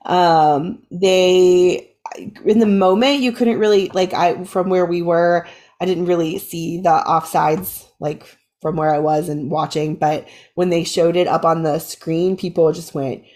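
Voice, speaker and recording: A woman co-hosting a casual sports podcast, animated and full of "like" fillers, her voice a bit raspy from recent illness. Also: fairly low pitch, unhurried. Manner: animated fan, many "like" fillers. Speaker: podcast co-host. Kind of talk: casual chat.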